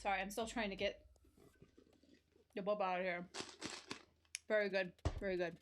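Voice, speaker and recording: On a corded mic at home, a young woman keeps up casual stream chat, reading viewers' messages and breaking into yelps mid-juggle as she gets sweaty. She speaks at a moderate pace in a medium, fairly flat voice, against a noisy background.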